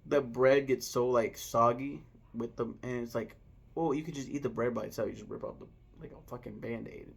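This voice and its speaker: A man's voice: mid-range voice, fairly even intonation, moderate pace, vocal fry, husky. A young man casually ranking his favorite restaurants, rambling, swearing freely and stopping to search aloud for names. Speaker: vlogger. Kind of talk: casual food ranking vlog.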